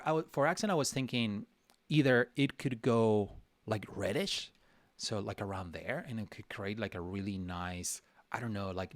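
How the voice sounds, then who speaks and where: During a relaxed live drawing session, a man with a lowish, slightly bright voice talks to himself and pokes fun at himself while he draws. The audio has no room sound, and his chatty, thinking-aloud delivery is full of restarts and fillers.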